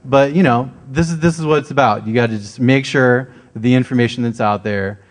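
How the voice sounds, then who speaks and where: A man's voice: medium pitch, fairly quick. Casual man presenting at a conference. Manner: casual, keeps asking "right?". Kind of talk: security conference talk. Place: conference stage.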